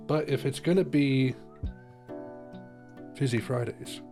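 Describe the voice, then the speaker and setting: A man's voice: mid-range voice, slow. A young man chatting casually while reacting to music, rambling and correcting himself with joking asides. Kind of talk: casual chat.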